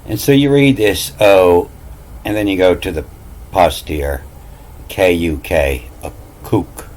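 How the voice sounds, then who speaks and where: A man with a low-pitched, darkish voice talks slowly through a meandering lesson of his own devising, acting as a self-styled language teacher. He repeats words, spells out letters, and fills gaps with "you know" in this rambling explanation, captured on a rough recording.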